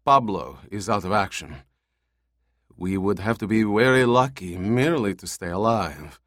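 A man voicing a grave fighter in an audiobook, solemn and measured. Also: fairly low pitch, expressive, fairly bright tone, dry recording, studio quality. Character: grave man from the Basque crew. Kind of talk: audiobook character voice.

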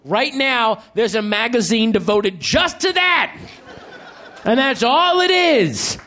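Casting: a high-voiced male stand-up comic, emphatic, swears a lot. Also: a bit bright. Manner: profane, emphatic, drawn-out punchlines. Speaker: stand-up comedian. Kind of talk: stand-up comedy. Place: comedy club stage with audience laughing.

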